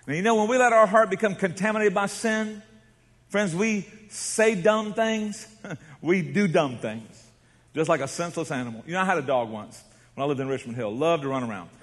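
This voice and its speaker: A man preaches from the pulpit, his voice sitting a little high for a man. He tells stories with drama, dropping to a hush and then rising to a shout, while a long reverb trails off in a large church hall. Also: normal speed. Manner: dramatic storytelling, swings from hushed to shouting. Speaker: pastor. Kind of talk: sermon.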